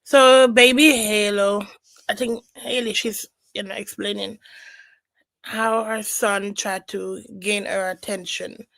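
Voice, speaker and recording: Slow, gravelly-voiced woman commentator. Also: medium pitch, fairly even intonation, fairly bright tone, no echo, rough recording. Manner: chatty, reads out viewer comments. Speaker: commentary streamer. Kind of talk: casual reaction commentary.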